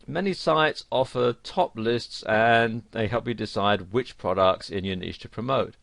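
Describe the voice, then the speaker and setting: A man's voice: fairly low pitch, vocal fry, no echo. A man narrating an online course lesson, giving earnest, direct advice to learners.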